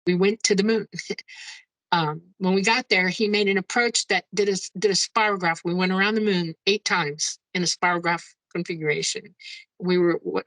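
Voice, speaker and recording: A woman guest telling her own story in a casual, excitable way, often exclaiming and laughing as she goes. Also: on the low side, dry recording, rough recording. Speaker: guest, UFO experiencer. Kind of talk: casual first-person storytelling.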